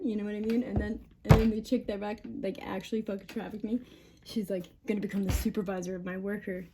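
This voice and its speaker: A woman rants to camera in a long, rambling monologue, her voice mellow and soft-edged despite the heavy cursing. She sounds agitated and laughs between thoughts, and a faint hiss of noise sits under her. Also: mid-range voice, level tone, a little fast. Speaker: mother venting on camera.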